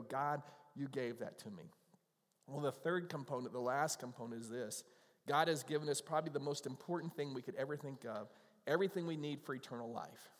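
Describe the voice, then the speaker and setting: Pastor guy preaching, chatty and earnest, gets choked up easy, big echoey church hall. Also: fairly high pitch. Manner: conversational, earnest, gets emotional. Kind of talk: sermon. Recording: long hall reverb.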